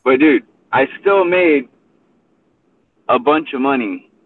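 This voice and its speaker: A man's voice: medium pitch, expressive, slow, a little hiss or hum. A man hosting a casual chat from his car between rideshare pickups, laid-back and rambling, saying dude a lot. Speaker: host and rideshare driver. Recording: tinny phone-line audio.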